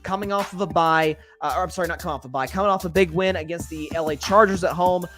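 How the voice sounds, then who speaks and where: A man's voice: on the high side, quick pace, over music. A man hosting a solo sports talk show, opinionated and conversational, often restarting his sentences. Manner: conversational, frequent restarts and stammers, opinionated predictions. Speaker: sports podcast host.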